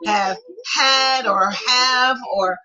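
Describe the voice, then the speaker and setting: A middle-aged woman with a slightly high voice runs a live online sale. She is chatty and animated, and she talks to her viewers like old friends. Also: drawn-out words, muffled recording, a crowd in the background. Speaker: online flash sale host. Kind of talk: live sales chat.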